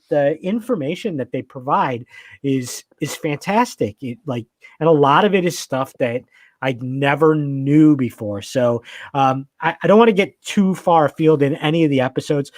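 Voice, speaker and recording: A man's voice: fairly high pitch, a little mellow, no room sound. A man in casual podcast chat, talking with enthusiasm and rambling through many fillers and restarts.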